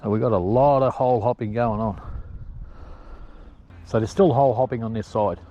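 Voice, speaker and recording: Medium in pitch and normal in speed, a man chats casually outdoors while filming his ferreting hunt, calling to his dogs and ferrets on the hillside. He's sweaty from climbing the hills, and the audio sounds dull.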